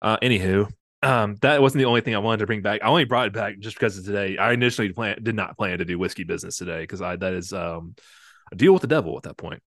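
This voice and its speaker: A man's voice: on the low side, quick pace, fairly bright tone, dry recording, studio quality. A young man co-hosting a casual podcast, joking and rambling with lots of fillers while tipsy from drinking. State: slightly drunk. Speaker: podcast co-host. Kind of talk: casual chat.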